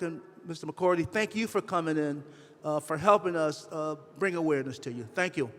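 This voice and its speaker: A man's voice: on the high side, fairly quick, fairly bright tone. A man giving an impassioned public speech as a legislator, growing emotional and emphatic as he speaks. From western Massachusetts. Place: large hall at a state house. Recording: echoey hall reverb.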